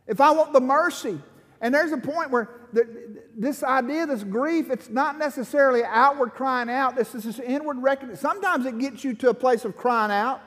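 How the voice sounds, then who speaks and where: A man's voice: very high voice, normal speed, few pauses, fairly bright tone. A middle-aged man preaching an impassioned sermon as pastor, building to fervent pleading. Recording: long hall reverb.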